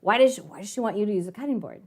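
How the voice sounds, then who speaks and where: A woman's voice: mid-range voice, lively intonation, very fast, a little mellow. A woman teaching a live online math class, chatty and telling a story, often asking the kids questions.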